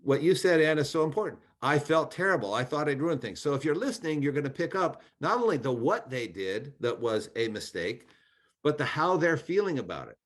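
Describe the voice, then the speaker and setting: Lively-pitched man giving earnest advice. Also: fairly quick. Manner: earnest, advising, with frequent restarts. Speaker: guest speaker, former congressman. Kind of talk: webinar advice talk.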